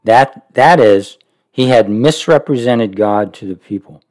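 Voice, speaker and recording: A man reads a devotional book aloud in an earnest, reflective way. He pauses often and breaks off to give his own heartfelt comments before going back to the text. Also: medium pitch, a little mellow.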